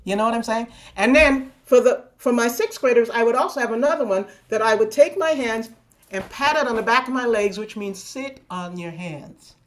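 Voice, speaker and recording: A woman's voice: on the high side, normal speed. A woman leading a body percussion lesson over a video call, playful and coaxing, counting and chanting rhythms aloud. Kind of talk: live online teaching. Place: home room on a video call.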